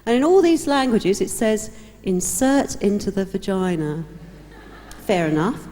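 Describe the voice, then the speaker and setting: A woman's voice: mid-range voice, very animated, unhurried, mellow. A woman telling stand-up jokes in a chatty, wry way. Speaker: comedian. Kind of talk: stand-up routine. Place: live comedy stage. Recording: live hall reverb.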